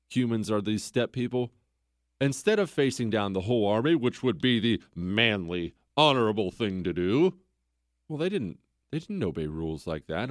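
A man hosting a history podcast in a casual, conversational storytelling style. He keeps pulling the listener in with rhetorical questions. His voice sits at an ordinary pitch and sounds dry and close. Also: dry recording. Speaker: podcast host.

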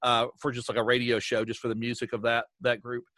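A man from Southwestern Virginia, a podcast guest talking casually in a rambling, self-deprecating way with quick restarts. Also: medium pitch, completely flat delivery, sharp tone, no room sound, studio quality. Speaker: podcast guest, audio drama creator.

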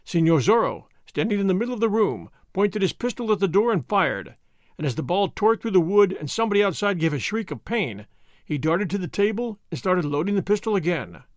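Expressive male audiobook narrator. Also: high voice, dry recording, clean studio sound. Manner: expressive, measured storytelling. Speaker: host and audiobook reader.

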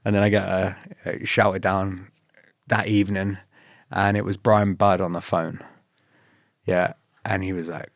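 Laughing, swearing storyteller man, low voice. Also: little pitch movement, a little slow, gravelly, pauses often, no room sound, studio quality. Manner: laughs often, swears, quotes others in retold dialogue. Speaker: guest. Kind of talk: casual interview storytelling.

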